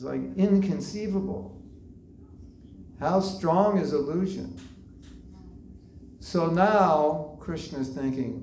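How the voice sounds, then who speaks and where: A man's voice: on the high side, creaky, dark tone. A man giving a devotional lecture at a temple class, talking in a conversational way, asking the listeners questions and using many fillers. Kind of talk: devotional lecture to a live group. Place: temple hall. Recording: echoey hall, voice from far off, faint noise.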